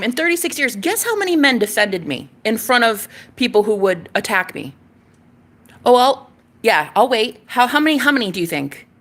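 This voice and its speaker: A woman's voice: fairly high pitch, a bit bright. A woman in her thirties ranting in a casual monologue, sassy, emphatic and full of swearing. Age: 30s.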